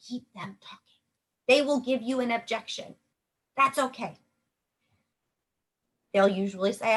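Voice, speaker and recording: A woman's voice: on the high side, unhurried, long pauses, fairly bright tone. A young adult woman talking from home, coaching in a chatty, upbeat way and acting out sample sales conversations. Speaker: network marketing coach. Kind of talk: casual coaching talk.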